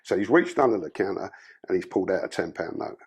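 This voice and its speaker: Gravelly London man telling his story. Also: expressive, fast. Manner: blunt, profane storytelling with swings in pitch. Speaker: podcast guest. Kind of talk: casual spoken life story.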